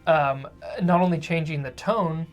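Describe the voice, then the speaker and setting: A man co-hosting a podcast in casual chat, who calls himself a fast talker. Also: fairly high pitch, fairly even intonation, faint music behind. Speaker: podcast co-host.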